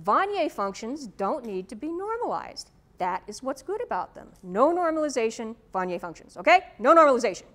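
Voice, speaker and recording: A woman's voice: on the high side, very animated, a little fast, hardly any pauses. A woman professor giving a classroom lecture to students, firm and direct, checking in with "okay?" often. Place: lecture room. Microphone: microphone, tethered.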